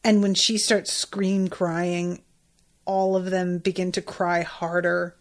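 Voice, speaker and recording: A woman's voice: fairly low pitch, little pitch movement, slow. A woman hosting a podcast, recapping an episode in casual chat with emphatic, exclamatory reactions and frequent swearing. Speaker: podcast host.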